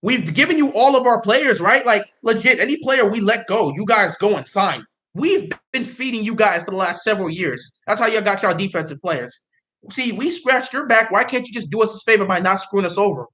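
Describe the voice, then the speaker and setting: A young man with a high, bright voice reacts live on his stream in loose, casual chat. He gets excitable and pleading, and repeats himself over and over. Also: fairly quick. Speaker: livestreamer reacting to the draft.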